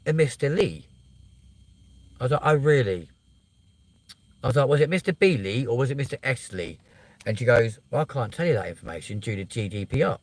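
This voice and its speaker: A man's voice: medium pitch, no room sound. A middle-aged man, hosting a livestream and telling a story in a casual rant, swearing freely and acting out both sides of a phone call. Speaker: livestream host.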